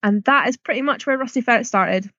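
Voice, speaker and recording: A woman's voice: a little high, quick pace, bright, forceful tone, dry recording, muffled recording. A Scottish woman guesting on a podcast, telling a story in a chatty, giggly way. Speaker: guest, yarn dyer. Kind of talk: casual interview chat.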